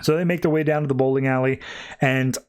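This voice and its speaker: A man's voice: mid-range voice, steady tone, quick pace, clean tone. A man hosting a comics podcast, recapping and reviewing issues in a loose, rambling casual chat, full of "like"s and restarts. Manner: paraphrases characters in his own voice, without doing accents.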